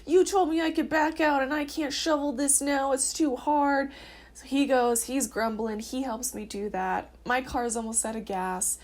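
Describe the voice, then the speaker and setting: A woman in her early twenties telling her personal story in a casual, earnest way, with frequent filler words. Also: medium pitch. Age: early 20s. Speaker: vlogger sharing her testimony.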